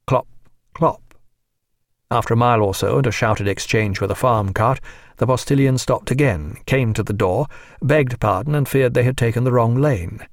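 A man narrating a novel in a measured, even audiobook reading. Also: medium pitch, no echo, clean studio sound. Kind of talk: scripted narration.

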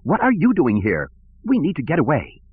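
A man's voice: on the high side, wildly swooping pitch, moderate pace, husky, voice pushed up, full character voice. A man voicing a fussy, prim male protocol droid with a clipped, metallic manner, on a tinny recording. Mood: alarmed. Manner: fretful, proper. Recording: tinny phone-like sound.

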